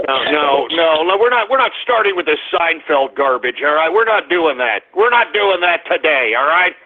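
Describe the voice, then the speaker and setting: A man hosting a call-in radio show, blustering, shouting and taunting his callers. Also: a little high, lively intonation, normal speed, soft background music. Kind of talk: ranting call-in radio talk. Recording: phone-quality lo-fi broadcast audio.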